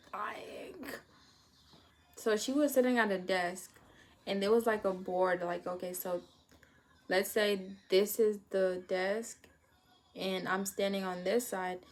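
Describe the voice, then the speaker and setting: A woman telling a personal story in a casual storytime vlog, animated and acting out moments with sudden high-pitched bursts and laughs. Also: a little slow. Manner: animated, acts out her own past panic with sudden high-pitched outbursts and laughter.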